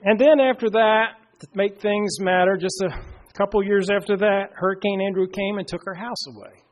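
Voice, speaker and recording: A middle-aged man preaching a sermon, telling a personal story and slowing down and dropping to a hush for emphasis. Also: sits high, fairly even intonation.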